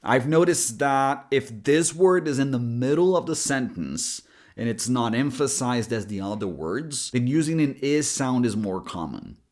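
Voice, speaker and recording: Slow, lively-voiced male pronunciation coach. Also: mid-range voice. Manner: slow, drawn-out demonstration of sounds. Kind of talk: pronunciation lesson.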